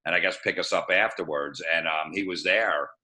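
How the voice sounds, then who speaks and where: A middle-aged male comedian telling stories in casual podcast chat, profane and deadpan, acting out the people he quotes. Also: low-pitched, normal speed. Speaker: guest comedian.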